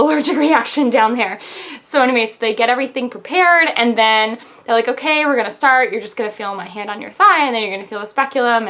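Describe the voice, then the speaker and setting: A woman's voice: medium pitch, a bit bright. A young woman telling a personal story to camera in a chatty vlog, filling her talk with "like" and acting out what others said. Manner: chatty, lots of "like", quotes others in raised voice. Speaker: vlogger.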